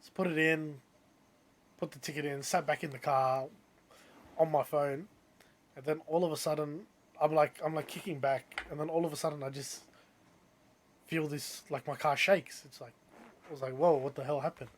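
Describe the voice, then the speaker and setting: A young Australian man telling a story in casual podcast chat, animated and full of "like" and "um", acting out the people he talks about. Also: fairly high pitch. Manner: animated, quick to act out the people in his story, many "like"s and "um"s. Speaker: podcast co-host.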